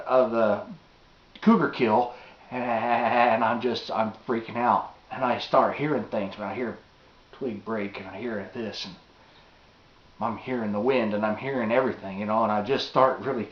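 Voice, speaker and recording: A man recounts an outdoor story in a loose, spoken style, acting out quotes and swinging between hushed and loud. The sound is roomy and a little dull, like a home video. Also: mid-range voice. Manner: animated, acts out quotes, drops to a hush.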